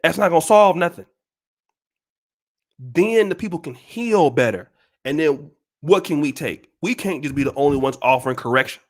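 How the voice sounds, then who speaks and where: Animated, profane ranting man. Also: on the high side, normal speed, long pauses. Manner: emphatic, profane, repetitive, preachy. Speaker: channel host. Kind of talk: ranting commentary to viewers.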